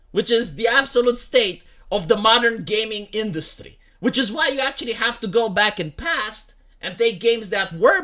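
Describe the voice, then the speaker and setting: Young guy ranting and swearing, bright voice, pitch jumps all over. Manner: heated, profane, repeats "like" and "right?". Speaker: commentary streamer. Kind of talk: ranting commentary.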